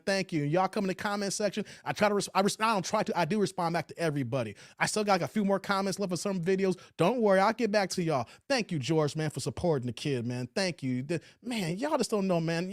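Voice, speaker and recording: A man's voice: sits high, no echo, studio quality. A man hosting a livestream in casual chat, reading viewer comments aloud in a laid-back, slangy way. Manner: laid-back and slangy, often ends lines with "man" and "y'all". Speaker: livestream host. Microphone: streaming setup.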